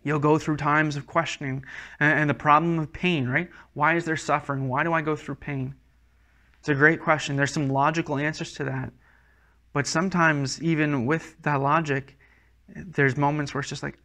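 A man's voice: fairly high pitch, fairly even intonation, normal speed, gravelly, pushed and bright. A man preaching a sermon as a pastor, earnest and conversational, often restarting his words.

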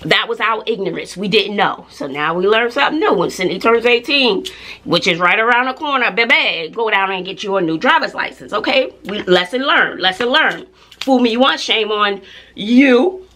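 A woman's voice: medium pitch, lively intonation, moderate pace, pushed and bright. Chatty woman. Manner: chatty, emphatic, repeats herself, laughs often. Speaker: vlogger, mother. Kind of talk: casual chat to camera.

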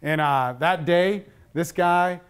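A man's voice: a little high, slow, smooth. A middle-aged man giving a talk on addiction with slides, speaking bluntly and conversationally with plenty of swearing.

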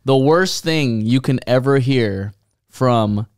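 A man's voice: mid-range voice, slow pace, a little mellow, no room sound, clean studio sound. A man co-hosting a casual podcast, teasing his co-host and swearing freely. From Filipino family. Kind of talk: casual chat.

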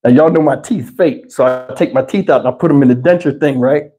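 A man hosts a livestream on a lapel mic, telling a story in a loose, animated way. His talk is salty and full of laughs. His pitch sits in an ordinary middle range. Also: brisk, faint music behind. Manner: animated, profane, laughs often. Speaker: livestream host. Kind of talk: casual storytelling. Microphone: wireless lapel mic.

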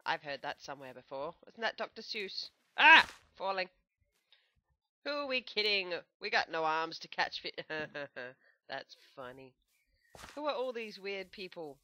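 A young woman chatting through a video game with a playful, self-mocking, joking manner. Her voice is bright and forward, recorded dry and close. She talks casually to her viewers. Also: on the low side, sing-song, unhurried, no room sound. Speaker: gameplay commentator. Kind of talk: let's play commentary.

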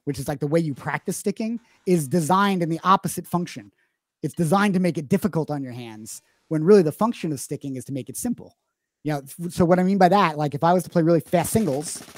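A man's voice: on the high side, a little mellow. A man explaining drumming as a teacher in a live online Q&A lesson, talking emphatically with frequent restarts. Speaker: drum teacher.

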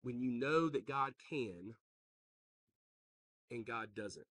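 A pastor preaching a sermon, joking with the congregation and calling out to them. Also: male voice, mid-range voice, slow pace, dry recording, distant mic. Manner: joking, animated, calls out to the congregation.

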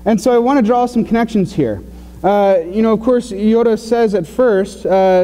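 Halting pastor with a warm voice in a reverberant sanctuary. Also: male voice, high voice. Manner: conversational, halting with many fillers and restarts. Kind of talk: sermon. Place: church sanctuary.

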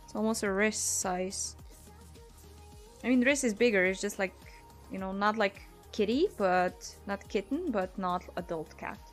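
A woman's voice: mid-range voice, unhurried, faint music behind. A young woman streamer, a Slovenian native speaker, chatting casually to her viewers in a vlog, tired, with a sore throat. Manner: chatty and giggly, talks to her chat and camera. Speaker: streamer and vlogger.

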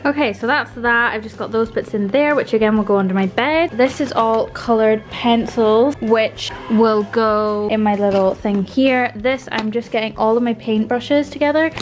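Young British woman, higher voice, upbeat, rambling, casual vlog, bedroom, phone mic. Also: normal speed, hardly any pauses. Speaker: vlogger.

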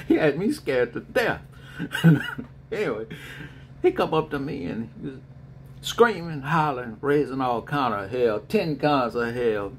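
A middle-aged man, a spiritual reader, answering viewer questions in a rambling, animated way with frequent laughter. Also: medium pitch, slow pace, long pauses, slight background noise. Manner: rambling, animated storyteller who laughs often.

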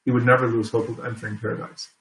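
A man's voice: medium pitch, level tone, very fast, slight background noise. A man giving an earnest religious lecture as a preacher, repeating key phrases for emphasis. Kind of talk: Islamic lecture. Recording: echoey room.

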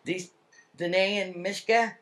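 A woman's voice: medium pitch, fairly even intonation, slow. An older woman giving an earnest, heartfelt public speech at a summit. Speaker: speaker at a salmon summit.

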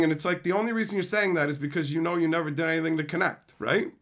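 A man's voice: fairly high pitch, fast, fairly bright tone. A man streaming live, ranting in an exasperated, profane way about entitled viewers. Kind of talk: livestream rant.

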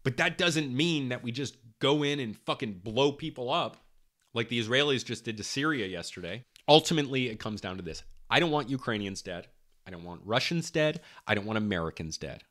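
A man's voice: mid-range voice, animated, fairly quick, fairly bright tone. A young man hosting a podcast, delivering a heated political monologue, swearing often and repeating himself for emphasis. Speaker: podcast host.

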